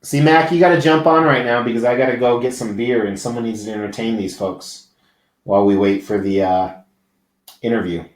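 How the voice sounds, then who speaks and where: A man hosts a live stream from a large indoor convention venue, his mid-range voice steady and a little fast in the echoey room. He chats casually and rambles with viewers, swearing freely.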